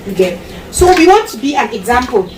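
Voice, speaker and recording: Cameroonian mom vlogging, highish voice, repeats herself for emphasis, loud room noise behind. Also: female voice, sing-song, fairly quick, reverberant. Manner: emphatic and repetitive, slips into Pidgin phrases. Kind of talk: casual advice talk to camera. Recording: distant mic with loud background ambience.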